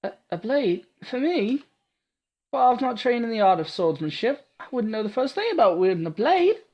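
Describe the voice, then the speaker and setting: A meek young woman traveler, voiced by a man in a raised voice, speaks in halting, stammering phrases. She sounds unsure of herself as the visual novel is read aloud. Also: very high-pitched, sing-song, highs cut off, pitched above the performer's own voice, exaggerated voice. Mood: timid. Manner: hesitant, stammering.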